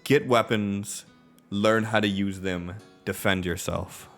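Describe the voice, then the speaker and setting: A man's voice: fairly low pitch, fairly even intonation, slow, fairly bright tone, soft background music. A man voicing a confident, stern knight who speaks in a formal, commanding way. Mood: lecturing.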